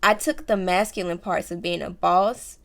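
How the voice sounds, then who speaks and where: Chatty woman with a gravelly edge. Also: fairly low pitch, steady tone, normal speed. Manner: chatty, slang-filled, addresses viewers as y'all and baby. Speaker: lifestyle vlogger. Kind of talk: casual advice vlog.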